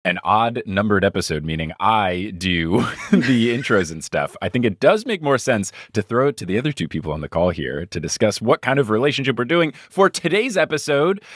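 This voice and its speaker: A playful man hosts a casual podcast chat, laughing easily between lines. His pitch swings widely from low mutters to high bursts, and the sound is close and dry with no room echo. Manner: chatty, laughs often, playful. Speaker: podcast co-host.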